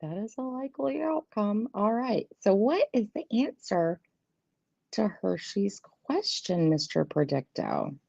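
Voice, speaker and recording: A woman's voice: on the high side, big pitch swings, measured pace, gravelly, warm tone, dry recording. A woman in her thirties or forties hosting a live tarot stream from home, chatting casually and laughing often. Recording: dull lo-fi stream audio.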